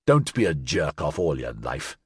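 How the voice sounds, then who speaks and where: A man voicing a cold, smug male company official in an audiobook, speaking slowly and condescendingly. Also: rumbling low, big pitch swings, husky, dry recording, clean studio sound, voice pushed down, heavily acted.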